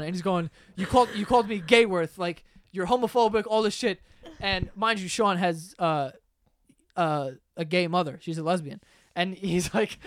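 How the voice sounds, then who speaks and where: Lively young man telling stories. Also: high voice, clean tone, no room sound. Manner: animated, laughing, swearing, acts out quotes loudly. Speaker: podcast host. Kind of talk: casual storytelling among friends.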